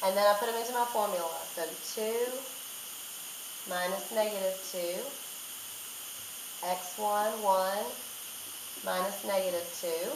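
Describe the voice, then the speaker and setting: A woman's voice: medium pitch, steady tone, unhurried, long pauses. A woman teacher talking through a recorded math lesson step by step, repeating key points. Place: classroom. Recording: echoey room, faint noise.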